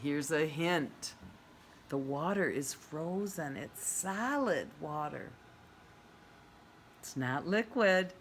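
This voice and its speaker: Female preschool teacher, online read-aloud: unhurried, very animated sing-song delivery, lots of questions to the kids. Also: low-pitched, a little hiss or hum. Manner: slow, sing-song and exaggerated for small children; asks the children questions and praises answers. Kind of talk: virtual read-aloud lesson for young children.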